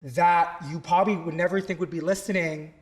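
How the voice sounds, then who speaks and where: A man's voice: a little high, fairly even intonation, brisk. A man from South Texas, a theatre teacher, telling a story in an interview with many fillers and restarts.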